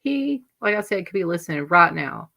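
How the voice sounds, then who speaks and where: Southern woman host, gravelly edge, bright tense tone, rambling casual chat. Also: fairly low pitch, sing-song, a little fast. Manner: rambling, chatty, wandering asides. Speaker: livestream host.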